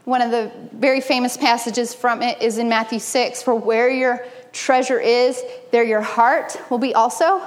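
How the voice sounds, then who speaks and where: High-pitched woman preaching, lively and jokey, echo trailing off in a big hall. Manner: animated, personal and humorous preaching. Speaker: speaker at a church gathering. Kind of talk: sermon-style talk. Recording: long reverb in a hall.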